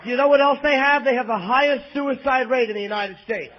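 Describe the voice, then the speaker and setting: Really high-pitched guy from new jersey doing a filthy stand-up rant, dull muffled bootleg sound. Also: brisk, slight background noise. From East Coast of the US, New Jersey. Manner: crude, abrasive, profane ranting. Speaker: stand-up comedian. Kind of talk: stand-up comedy set. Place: comedy club stage. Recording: lo-fi live bootleg audio with faint crowd ambience.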